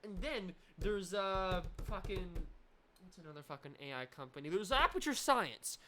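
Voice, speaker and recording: A young woman streaming a game with loud, rambling, sweary, excitable commentary. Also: fairly low pitch, moderate pace, noisy background. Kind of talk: let's play commentary.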